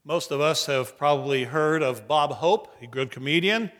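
A middle-aged man, a senior pastor, preaching a sermon in a church sanctuary and shifting between soft and emphatic delivery. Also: a little high, normal speed. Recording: long hall reverb.

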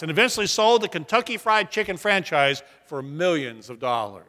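A man's voice: a little high, fairly quick, few pauses, sharp tone, big-room sound. A man preaching a sermon, telling stories earnestly and building emphatic repeated lines. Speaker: pastor.

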